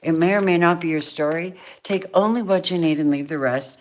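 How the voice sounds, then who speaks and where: A middle-aged tarot reader walks through a reading in a casual, chatty manner, speaking a little fast in a low voice. She laughs often and puts on playful voices for the figures in the cards.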